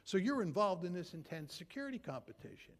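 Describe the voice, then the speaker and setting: Male lecturer, somewhat high voice, blunt, emphatic, hammers points with repeated phrases. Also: sing-song, fast. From United States. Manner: emphatic, blunt, builds arguments with rhetorical questions and repetition. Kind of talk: lecture to an audience.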